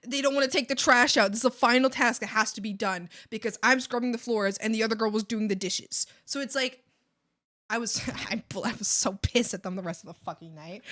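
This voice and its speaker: Young woman, art streamer, casual venting, profane, animated, slightly high pitch. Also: brisk. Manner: animated, profane, mocking whiny voices.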